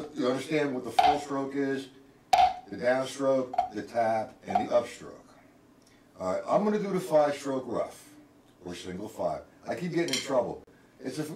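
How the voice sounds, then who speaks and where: A man teaching a live-streamed drum lesson, counting strokes aloud as he plays and calling on viewers by name. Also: medium pitch. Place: indoor room, live stream. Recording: roomy, distant mic with clear noise.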